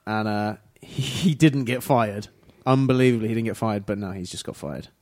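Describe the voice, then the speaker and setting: A man's voice: fairly low pitch, moderate pace, a little mellow. A man with a British accent, a comedian guest, joking around and explaining things in a casual podcast chat. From Britain.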